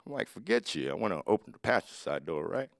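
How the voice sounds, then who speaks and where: A man's voice: sits low, fast, creaky, no room sound, clean studio sound. A man in his forties doing a stand-up comedy set, telling stories with acted-out voices. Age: 40s. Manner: lively storytelling with acted-out voices.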